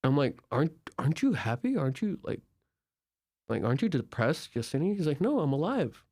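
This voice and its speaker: A man's voice: mid-range voice, brisk. A young man from Turkey, a podcast guest, tells travel stories casually and acts out the conversations with lots of filler words. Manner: animated, filler-heavy, acts out dialogue. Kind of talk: casual storytelling.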